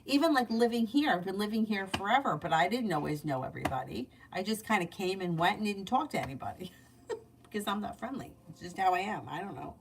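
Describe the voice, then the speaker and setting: A woman's voice: medium pitch, lively intonation, fast. A woman giving tarot readings in a casual livestream, chatty and candid, laughing often. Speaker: tarot reader. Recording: distant mic, faint background noise.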